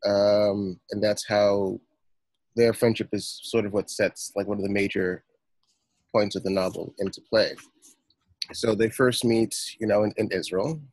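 A man, a novelist guest in a conversation, explaining in a relaxed way with many fillers. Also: lowish voice, breathy edge, dry recording, rough recording. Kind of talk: casual interview talk.

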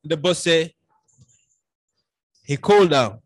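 High-voiced Cameroonian man telling a dramatic story. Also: animated, slow pace, no echo. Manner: dramatic storyteller, acts out his own past dialogue. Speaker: podcast guest. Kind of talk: storytelling in casual conversation.

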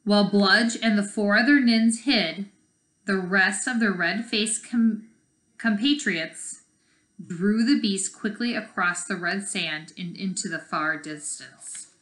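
Woman teacher, storybook read-aloud, bright voice, explanatory asides, echoey room. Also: mid-range voice, slow. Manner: explains the story as she reads. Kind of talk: reading a chapter book aloud with asides.

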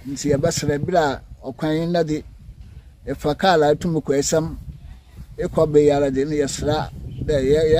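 Halting Ghanaian man with a mellow voice. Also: on the high side, low-quality recording. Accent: Ghanaian Fante. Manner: halting, with many fillers and restarts. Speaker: community member. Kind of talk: speaking to a local news camera.

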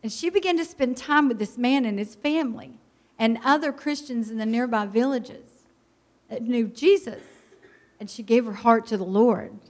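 A middle-aged woman, a missionary pastor's wife, telling a lively, heartfelt story to a church. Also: on the high side, moderate pace. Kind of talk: personal testimony to a church.

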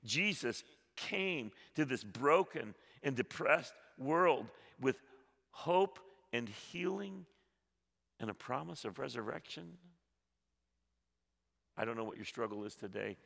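A male pastor preaching a sermon, swinging between loud appeals and soft, hushed passages, often repeating his words. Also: medium pitch, lively intonation, unhurried, gravelly, big-room sound. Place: church sanctuary.

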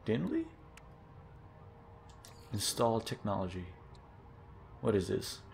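Excitable young man narrating his gameplay. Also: on the low side, slow pace, creaky, slight background noise. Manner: excitable, gasps and exclaims often. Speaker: gaming channel host. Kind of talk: casual let's-play commentary.

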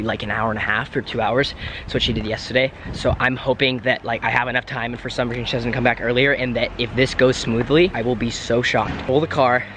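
A young man vlogging to a handheld camera, excited and rambling with lots of filler words, moving between a car, shops and a holiday room. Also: mid-range voice, slight background noise. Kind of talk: casual vlog to camera.

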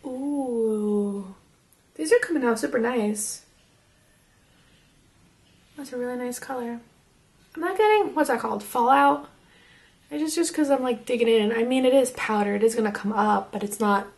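A young woman casually reviewing makeup as she swatches it, chatty and excitable and half losing her voice. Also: a little high, unhurried, creaky, long pauses. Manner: chatty and excitable, drops to whispers. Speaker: beauty vlogger.

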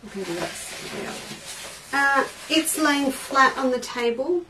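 Working through a live crafting demonstration, this quilting shop host talks with her viewers and reads out their comments. She speaks in a high, animated voice, extremely slowly and with long pauses, recorded indoors in a craft studio on a distant mic carrying faint noise.

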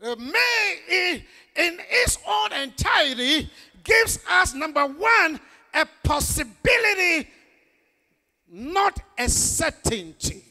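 A male pastor delivers an emphatic sermon, often rising to a shout and drawing replies from the congregation. His voice sits very high and swings widely in pitch. The tone is bright and edged with gravel. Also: sing-song, slow. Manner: emphatic preaching with call-and-response.

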